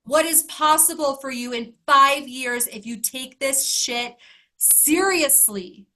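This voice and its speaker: A woman life coach speaks slowly and earnestly to her group, pressing the same question again and again. Her voice sits high and bright. She sounds moved, close to tears. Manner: earnest, emphatic, repeating questions. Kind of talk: motivational talk to a group.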